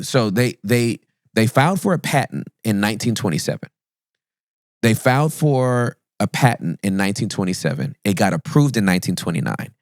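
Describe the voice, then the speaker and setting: A man, a pastor and podcast guest, telling a funny story in a playful, self-mocking way and swooping up high for the punchlines. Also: dry recording, clean studio sound. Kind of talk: animated comic storytelling in a podcast interview.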